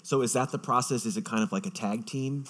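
A man moderating an onstage author interview at a festival, asking long, measured questions. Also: medium pitch, fairly bright tone. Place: festival stage.

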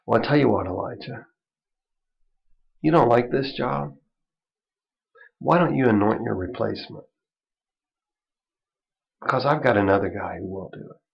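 A folksy, matter-of-fact God figure who speaks in an offhand way with a gravelly edge, as a male teacher voices him. The recording is dull and lo-fi. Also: medium pitch, moderate pace, long pauses, natural voice. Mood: blunt.

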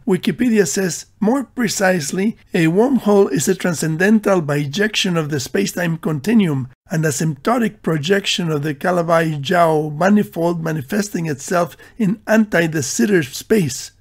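A man reading a scripted, tongue-in-cheek voice-over with dry, deadpan humor. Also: high voice, normal speed, few pauses. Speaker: video narrator.

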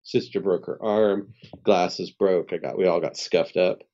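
Deep, dark-toned man telling stories. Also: measured pace, dull audio. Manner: animated storyteller who acts out dialogue and laughs often. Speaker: guest, spiritual healer. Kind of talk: storytelling in a podcast interview.

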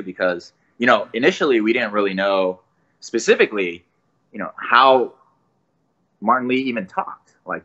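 A man's voice: fairly low pitch, highs cut off. A man, a voice actor guest, talking enthusiastically in a casual podcast interview. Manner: enthusiastic, animated storyteller.

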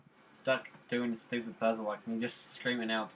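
A man talks through a puzzle game in casual let's play commentary. His voice is bright and sharp at an average pitch. He rambles, jokes and repeats silly phrases over and over. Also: level tone, moderate pace, a little hiss or hum, rough recording. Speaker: gamer.

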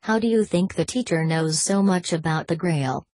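A woman reading the lines of a calm, cunning male French manservant, speaking quietly and assuredly with a French accent. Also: on the low side, moderate pace, no room sound, close to an everyday voice.

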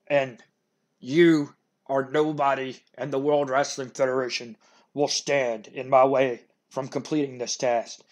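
A man voicing a sinister wrestler villain who speaks for a dark lord, talking slowly and ominously. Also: flat delivery, close to an everyday voice. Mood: menacing. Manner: slow, booming, ominous delivery.

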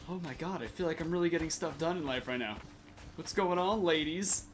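A man giving joking, excitable commentary while he plays a game late at night and laughs often. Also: fairly high pitch, moderate pace. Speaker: gaming channel host. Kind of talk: casual gameplay commentary.

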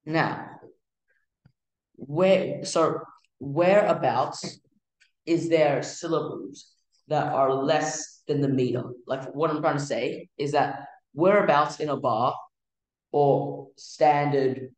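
A man teaching music theory in a casual, halting way, with many fillers and restarts. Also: fairly high pitch, reverberant, poor audio. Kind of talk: casual explanatory lesson.

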